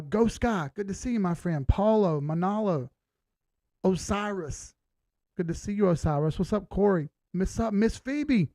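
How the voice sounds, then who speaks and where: A man's voice: fairly high pitch, vocal fry, mellow, no echo. A man hosting a casual livestream, talking in an upbeat way and greeting his viewers one by one by name. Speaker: livestream host.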